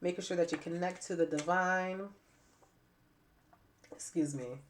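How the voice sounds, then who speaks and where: Stuffy, raspy-throated woman reading tarot. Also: on the low side, fairly even intonation, unhurried, slight background noise. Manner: repetitive, emphatic, preaching. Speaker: tarot reader. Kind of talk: spiritual reading to camera.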